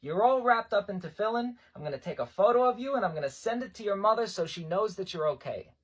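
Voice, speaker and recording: Man playing reassuring rabbi, laid-back and lively. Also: high-pitched, fast talker, slightly rough, pitched above the performer's own voice. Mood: kind. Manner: relaxed, reassuring. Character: easygoing male New York rabbi.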